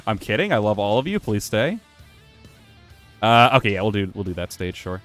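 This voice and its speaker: Male gaming streamer, animated and rambling, self-deprecating and profane, faint music behind. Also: fairly low pitch, moderate pace, pauses often. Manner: rambling, self-mocking, swears freely. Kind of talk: casual gameplay commentary. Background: faint music playing from his computer.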